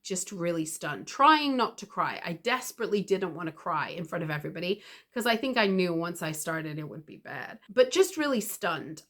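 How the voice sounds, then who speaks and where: Earnest woman telling a personal story. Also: mid-range voice. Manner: earnest, reflective, emotional retelling. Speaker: video creator.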